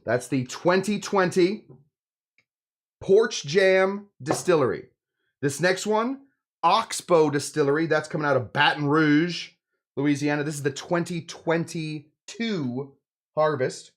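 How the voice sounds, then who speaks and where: A man's voice: on the high side, slow pace. A man hosting a casual cocktail-making demonstration, joking and rambling with lots of asides. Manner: joking, rambling, self-interrupting. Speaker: host of a cocktail channel.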